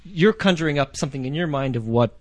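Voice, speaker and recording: A man's voice: a little high, animated, fast talker, a little mellow, dry recording. A man, a film producer being interviewed, who rambles and repeats words while he searches for them. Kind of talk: casual interview chat.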